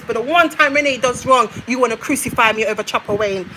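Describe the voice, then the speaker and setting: A woman launches a heated, repetitive rant aimed straight at her mother. Her voice sits high, and a faint hiss of background noise runs under her words. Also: a little fast, few pauses, sharp tone, low-quality recording. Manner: confrontational, repetitive, addresses her mother directly. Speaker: vlogger. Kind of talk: emotional rant to viewers.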